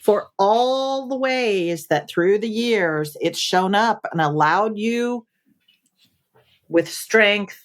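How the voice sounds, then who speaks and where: A woman in her fifties, a podcast guest, talking in an emphatic, animated coaching way. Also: mid-range voice, drawn-out words. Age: 50s. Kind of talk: casual conversation.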